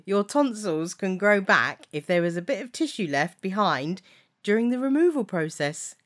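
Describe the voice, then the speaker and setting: Female radio co-host, mid-pitched, giggly and teasing in banter. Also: very animated, moderate pace.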